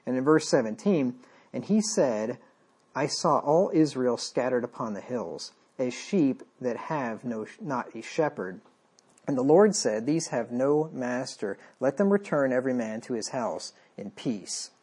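Husky-voiced man preaching conversationally. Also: mid-range voice, lively intonation, measured pace, darkish tone. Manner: conversational, wry, acts out the king's lines. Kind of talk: sermon with scripture reading.

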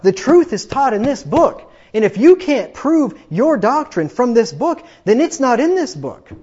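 A man's voice: on the high side, darkish tone, muffled recording. A man preaching a sermon from the pulpit, emphatic and combative, often repeating himself for force. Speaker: pastor.

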